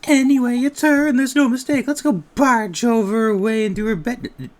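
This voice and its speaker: A game player voicing a cheeky, excitable male fairy sidekick who talks in slang, reading game dialogue aloud. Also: mid-range voice, normal speed, natural voice.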